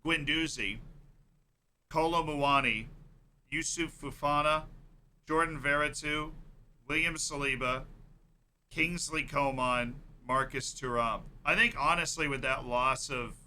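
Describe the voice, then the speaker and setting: A man hosting a live-stream watchalong, chatting casually about football in an excitable, jokey way. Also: on the high side, measured pace, long pauses, slight background noise.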